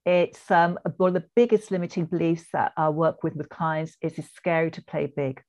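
A woman's voice: low-pitched, steady tone, moderate pace, darkish tone. Earnest English woman coaching. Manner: earnest, encouraging, reflective. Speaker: guest, business coach. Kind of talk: podcast interview.

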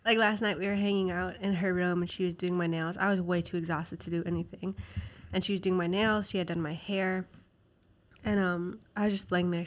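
A woman co-hosting a podcast, telling family stories in a relaxed, self-deprecating way. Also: on the low side. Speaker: podcast co-host. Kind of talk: casual chat. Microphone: podcast microphone.

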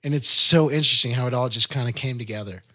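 A man's voice: medium pitch, fast, bright, forceful tone, no echo, studio quality. A young man chatting casually about a trip with a friend, easygoing and agreeable with lots of fillers. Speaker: expedition member. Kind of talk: casual podcast chat.

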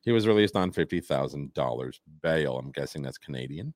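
A man co-hosting a live talk show, reading news stories aloud with halting restarts and casual asides. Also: a bass voice, lively intonation, darkish tone, no room sound, studio quality. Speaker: podcast co-host. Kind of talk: casual live-stream chat.

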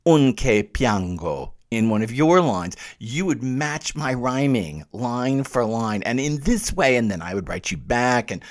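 A man lectures on poetry in an animated, conversational way, his pitch rising and falling widely. He talks casually, like he is chatting with his students. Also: measured pace, hardly any pauses. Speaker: literature lecturer.

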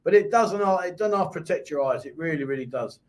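A man with a London accent hosts a casual live-stream chat show. His voice sits high, and he reads out viewer comments before answering each one in a chatty, off-the-cuff way. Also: lively intonation, fast talker. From England. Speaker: host.

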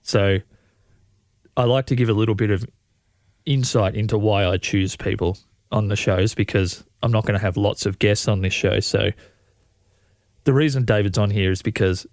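A lowish-voiced man hosts his podcast in a relaxed, rambling manner, still in his morning voice. The sound is dry and close, with no room around it. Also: normal speed, pauses often, no room sound. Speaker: podcast host. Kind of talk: casual interview intro.

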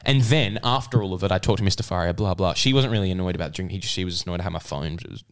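A teenage man co-hosting a casual chat, telling animated stories and jumping into high-pitched impressions of others. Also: very fast, clear, resonant tone. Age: teens. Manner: animated storytelling, mimics others with sudden high-pitched outbursts. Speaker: podcast co-host.

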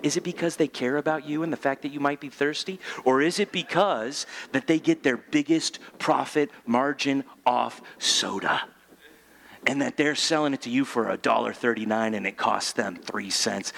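A male pastor giving a sermon in church, joking and animated, asking the room rhetorical questions. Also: medium pitch, moderate pace, vocal fry.

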